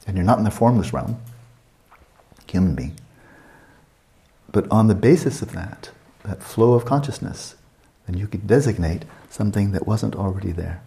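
A man guiding a meditation session as a teacher, unhurried and questioning, often checking in with his listeners. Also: low voice, gravelly, dark tone.

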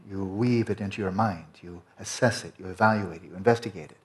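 A man teaching a Buddhist Dharma talk, explaining slowly and lingering over Tibetan and Sanskrit terms. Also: low-pitched. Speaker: meditation teacher.

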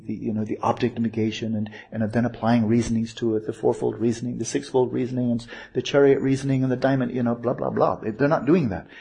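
His voice is mid-range and warm with a breathy edge as this man, a meditation teacher, gives an informal Buddhist teaching. He wanders off on tangents, corrects himself and asks his listeners rhetorical questions.

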